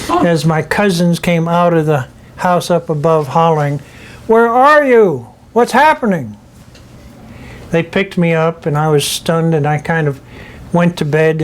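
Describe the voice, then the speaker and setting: An older man, a spiritual speaker, telling a personal story to an audience in a slow, heartfelt, deliberate way. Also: a little high, a little mellow, a little hiss or hum.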